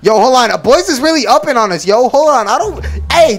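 A teenage boy talks fast and loud on game voice chat, full of slang and banter. His pitch jumps all over the place. Faint game music plays underneath. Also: very animated. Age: teens. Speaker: Roblox voice-chat streamer. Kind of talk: casual gaming voice chat.

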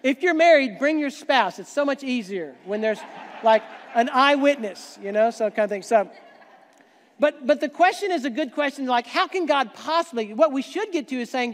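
A man's voice: very high voice, moderate pace. A man giving a conversational sermon as pastor, joking asides to the congregation. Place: church sanctuary. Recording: long church hall reverb.

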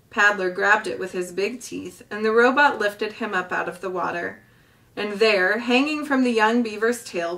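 A woman reading a children's novel aloud with gentle, expressive storytelling. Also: medium pitch, recorded from a distance. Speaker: storybook reader.

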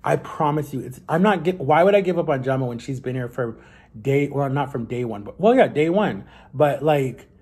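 A young man talks to his vlog audience in a loose, confessional ramble. His voice is warm and a little husky, and his sentences often loop back with "like" and restarts. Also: mid-range voice, lively intonation, moderate pace. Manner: rambling, chatty, lots of "like" and self-corrections. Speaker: vlogger. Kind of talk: casual confessional vlog talk.

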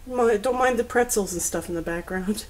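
A woman's voice: mid-range voice, moderate pace, a little mellow. A woman vlogging about a doll she was given, chatty and gushing with emotion, on the edge of tears. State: teary. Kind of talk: casual doll review vlog.

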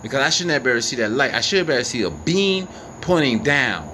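A man narrates from outdoors at night, filming on his phone and talking straight to his viewers. His pitch leaps up and down as he exclaims, swears and questions. Loud crickets, insects and passing cars fill the background. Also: brisk. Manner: animated, profane, incredulous, talks to viewers. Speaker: vlogger filming the night sky. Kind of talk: excited live commentary. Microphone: phone camera. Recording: noisy outdoor phone recording. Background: crickets and insects, passing vehicles.

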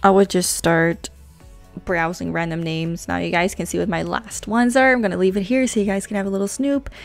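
Female tutorial host, chatty and rambling, slight vocal fry, light music underneath. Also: medium pitch, steady tone, a little fast. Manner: chatty, rambling, self-teasing. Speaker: gaming channel host. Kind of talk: casual screen-recorded tutorial. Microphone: desk microphone.

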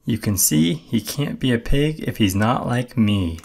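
A man's voice: medium pitch, animated, a little slow, gravelly, a little mellow. A man voicing a smug, sniffy farm pig in a storybook read-aloud.

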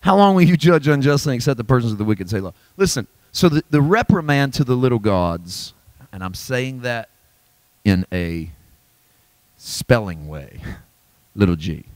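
A man preaching a sermon at a church Bible study, emphatic and folksy, dropping to low asides and climbing to high exclamations. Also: animated, moderate pace, no echo. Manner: folksy, self-deprecating humor. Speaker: pastor.

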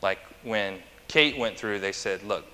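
A male pastor gives a chatty, anecdotal sermon and puts questions to his congregation. His voice is fairly low yet crisp and forceful. It rings out with a long reverb in a church sanctuary. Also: unhurried. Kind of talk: conversational sermon.

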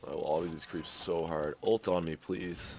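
A young man with a stuffy nose giving excitable commentary over his own gameplay, trash-talking opponents. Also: low-pitched, moderate pace, background noise. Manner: excitable, swings to loud yelps and trash talk. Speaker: gaming YouTuber. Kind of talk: game commentary.

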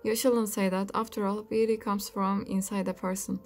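A woman's voice: mid-range voice, flat delivery, normal speed, soft background music, close to an everyday voice. A woman voicing an earnest, preachy young Snow White in a comic storybook.

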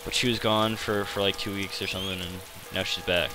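Rambling low-voiced male gamer. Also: little pitch movement, fairly quick, sharp tone, poor audio. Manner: hesitant, self-deprecating, many fillers. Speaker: gaming channel host. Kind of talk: rambling gameplay commentary.

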